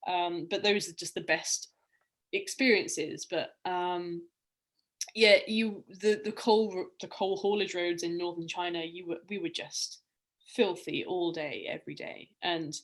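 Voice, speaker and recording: This is a woman in her young adult years with a voice that sits on the lower side. She talks casually and reflectively, winding through her stories with frequent ums and restarts. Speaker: guest, round-the-world cyclist. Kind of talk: casual podcast conversation.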